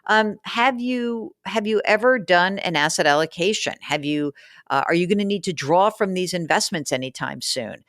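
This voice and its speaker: On her personal finance podcast, a woman goes through listener letters and gives casual advice with a frank, chatty, teasing edge. Her voice is fairly low and fairly bright, animated at a moderate pace, in studio quality without echo.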